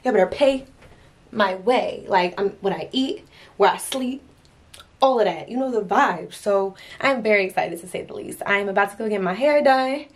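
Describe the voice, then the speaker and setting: A woman's voice: mid-range voice, expressive, normal speed. Chatty young woman vlogger. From Pennsylvania. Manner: chatty and playful, addressing viewers as y'all. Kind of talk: casual vlog chat to camera.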